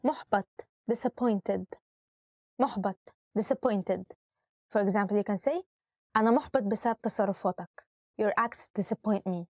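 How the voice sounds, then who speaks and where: This vocabulary lesson is hosted by a woman teacher who alternates Arabic and English, pronouncing each word twice and offering its translation in an upbeat, instructive way. Her voice is mid-range, fast and a little mellow, recorded at studio quality with no room sound.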